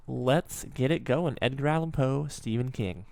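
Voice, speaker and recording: Smooth-voiced young man hosting reactions. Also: medium pitch, unhurried, darkish tone, no echo. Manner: chatty, stops to explain and joke. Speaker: reaction video host. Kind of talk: casual reaction commentary.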